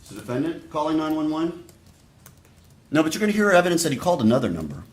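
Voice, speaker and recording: A man's voice: on the high side, big pitch swings. Male prosecutor in an echoey courtroom. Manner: deliberate, speaks straight to the jurors. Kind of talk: opening statement to a jury.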